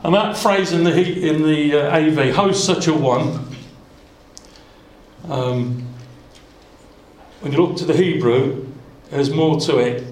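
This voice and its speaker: Guy preaching a bible sermon, kinda high voice, lots of asides, echoey room. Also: a little slow, darkish tone. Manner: earnest, conversational, many asides and restarts.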